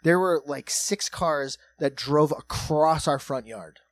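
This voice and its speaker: This is a man hosting a comedy podcast, recorded close with a dry, roomless sound. His voice sits a little high, and he swears freely. He tells his story casually, dropping to a hush and then rising loud again. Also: slow pace, no echo. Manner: profane, animated, swings between hushed and loud.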